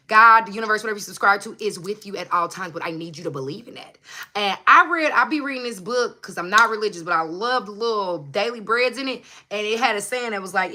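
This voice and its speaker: Recording on her phone at home beneath a hot light, a woman who runs a motivational channel gives an impassioned livestream pep talk. She hammers her points with repetition and free swearing, in a sharp, mid-range voice.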